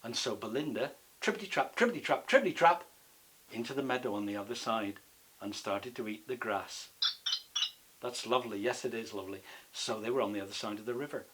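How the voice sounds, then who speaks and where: A man telling a bedtime story to a child, with gentle, chatty asides. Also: fairly low pitch, fairly even intonation, fairly quick, slight background noise.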